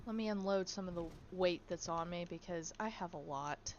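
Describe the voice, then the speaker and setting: A woman's voice: fairly low pitch, moderate pace, dull audio, a little hiss or hum. A woman streaming a survival game, chatting casually, swearing freely and cooing at her in-game animals. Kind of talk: casual gameplay commentary.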